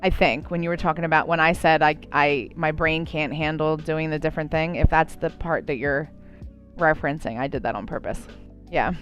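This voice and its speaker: A woman with a New Jersey accent, chatting casually and rambling while she draws on a live stream. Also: deep voice. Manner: chatty, rambling, many likes and you knows. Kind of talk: casual chat while drawing.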